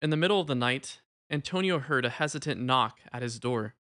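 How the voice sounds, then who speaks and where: A man narrating a religious story in a measured, gentle storytelling manner. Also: mid-range voice, animated, dry recording, clean studio sound.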